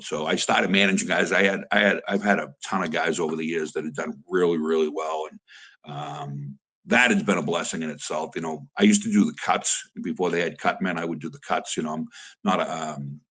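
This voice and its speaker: A man's voice: deep voice, fairly even intonation, moderate pace, a bit bright, husky. A middle-aged man and fight manager, telling stories in a casual interview with many rambling restarts.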